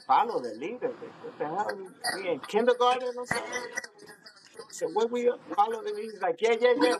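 Excitable man telling a wild story. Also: high voice. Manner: excitable, laughing, acts out dialogue. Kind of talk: animated anecdote, quoting others. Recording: crowd noise behind.

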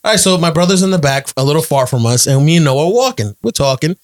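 Animated man telling a story. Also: a little high, fast talker. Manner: animated, repeats phrases, acts out quotes. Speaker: podcast guest, storyteller. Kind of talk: casual chat, anecdote.

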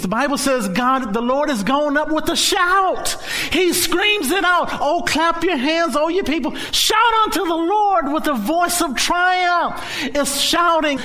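Animated, bright-voiced male pastor. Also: very high-pitched. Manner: animated, laughing, bursts into shouts. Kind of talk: sermon.

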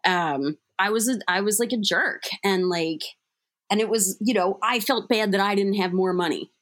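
A young woman speaks candidly about her own past, chatty and self-deprecating, leaning on casual fillers. Her voice sits at an ordinary middle pitch, and her tone stays open and conversational. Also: moderate pace, a bit bright. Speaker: guest sharing recovery story. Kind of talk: candid personal storytelling.

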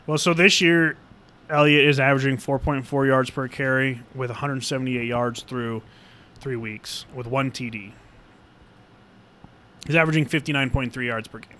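A young man in casual sports chat, excitable and given to yelling and swearing when he rants. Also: medium pitch, normal speed, a little hiss or hum.

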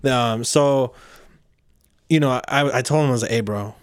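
A man's voice: medium pitch, steady tone, measured pace, smooth, no room sound. A man telling a profane, rambling story in casual chat, often restarting his sentences.

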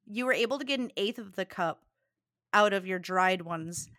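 Bright-voiced chatty woman podcaster. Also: medium pitch, moderate pace, no room sound, clean studio sound. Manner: chatty, laughs often. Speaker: podcast co-host. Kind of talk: casual chat.

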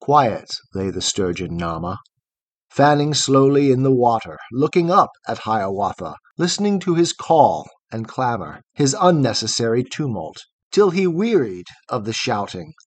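A man narrating a long poem in a measured, rhythmic recitation. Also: mid-range voice, sing-song, no room sound. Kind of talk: scripted poetry reading.

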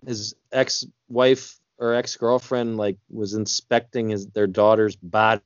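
A man's voice: fairly low pitch, level tone, a little slow, no room sound, muffled recording. A man co-hosting a casual movie podcast, telling rambling stories with crude jokes. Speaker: podcast co-host.

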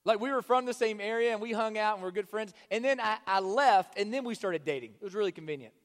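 A male preacher with a fairly high voice delivers an impassioned sermon. He swings between loud, urging calls and hushed, almost whispered phrases. A long reverb trails his words through a large hall. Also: fast talker. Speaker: pastor.

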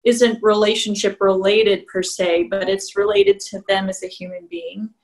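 A woman's voice: mid-range voice, fairly even intonation, normal speed, rough recording. A woman co-hosting a conversational podcast as a couples therapist, explaining things and laughing easily.

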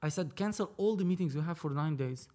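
A man's voice: on the high side, quick pace, warm tone. A man from Lebanon who works as a film producer tells a story in a casual interview. He acts out each side of the dialogue and swears freely. His voice sits a little above the usual male range.

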